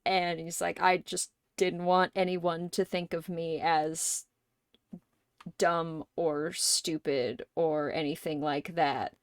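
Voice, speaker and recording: A woman's voice: low voice, steady tone, slow, smooth, no echo, clean studio sound. A woman live streamer in casual chat, thinking aloud at length and swearing offhandedly.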